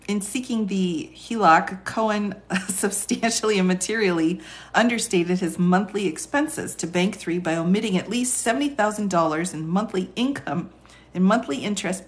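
A woman with a raspy voice and a Texas accent, an attorney on a live stream who reads legal text aloud and chats with viewers between passages, laughing often. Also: mid-range voice. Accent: Texan. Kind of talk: casual live-stream reading and commentary.

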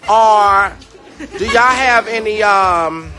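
Brief: loud, teasing vlogger, high voice, busy crowd and music all around. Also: male voice, lively intonation, takes it slowly. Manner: sassy, joking and loud, full of teasing asides. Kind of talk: casual vlog chat. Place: restaurant during a lunch break.

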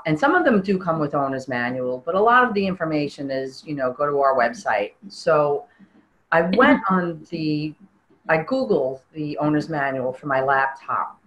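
An older woman giving a personal testimony in an interview, earnest and halting, often restarting her sentences. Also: deep voice, rough recording.

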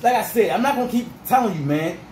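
A man ranting as a sports fan vlogger, fired up and repetitive, his voice going rough. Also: high-pitched, lively intonation, quick pace, darkish tone, echoey room, slight background noise, low-quality recording. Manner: fired-up, repetitive, peppered with 'freaking' and 'dog'.

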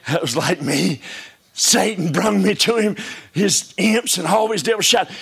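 A man preaching a sermon in a church service, folksy and full of rhetorical questions, swinging between hushed whispers and shouts. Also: sits high, unhurried, creaky, slightly rough.

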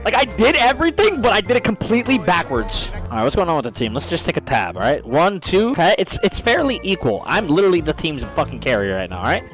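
A man's voice: high voice, fairly bright tone, low-quality recording. A man streaming a video game, giving casual commentary in a brash, profane, trash-talking way.

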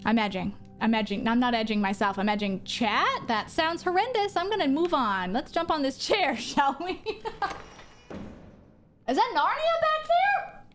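A young woman streaming a horror game from her home office, excitable and jokey, swearing and jumping into squeals. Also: on the high side, moderate pace, few pauses, soft background music. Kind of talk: live gameplay commentary.

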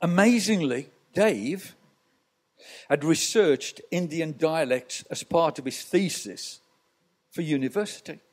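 A man's voice: on the high side, animated, slow pace. A male pastor preaching a sermon in church, telling stories with rhetorical asides to the congregation.

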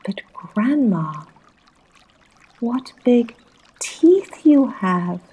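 A woman's voice: on the low side, expressive, drawn-out words, a little mellow, slightly rough, heavily acted. A woman voicing an innocent young girl in a bedtime storybook, crying out in a raised voice. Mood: wondering.

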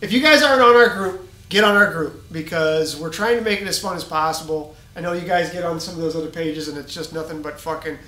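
Dude ranting about posers, heated, cussing, echoey garage sound. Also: male voice, fairly high pitch, fast, pushed and bright. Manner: ranting, heated, swears a lot. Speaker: podcast co-host, group admin. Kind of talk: casual profane chat.

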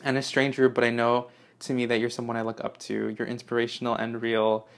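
A young man unboxing fan mail in an excited, gushing vlog, swearing often and gasping as he reads letters aloud. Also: medium pitch, fairly quick, creaky. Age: young adult. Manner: gushing, swears a lot, gasps and squeals.

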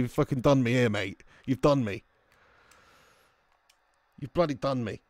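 A young man streaming a football video game, excitedly commenting, swearing at his players and greeting viewers in chat. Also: medium pitch, normal speed, pauses often, dry recording. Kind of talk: live game commentary and chat shout-outs.

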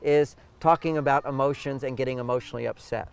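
Speaking fast with a creaky, clean tone at medium pitch, this older male guest keeps his delivery steady. He is a relationship author giving advice in an interview, and he's emphatic, frequently voicing the lines partners would say.

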